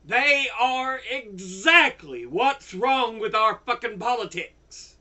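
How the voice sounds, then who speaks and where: An older man giving an angry political rant, heavily profane and bursting into shouts. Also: very high voice, animated, slow, hardly any pauses. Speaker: YouTuber.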